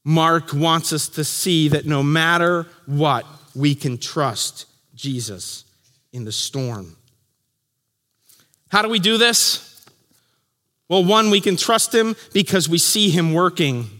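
A man with a high, bright voice preaches a sermon from the pulpit. He tells the story vividly, acting out the people in it and dropping to a hush for the key lines. His voice rings with the long reverb of a church hall. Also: expressive, slow. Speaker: pastor.

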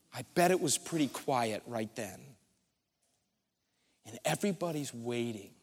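A man preaching a sermon as a pastor, retelling a scene as a vivid story and pausing often for drama. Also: extremely high pitch, a bit bright. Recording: long reverb from a large hall.

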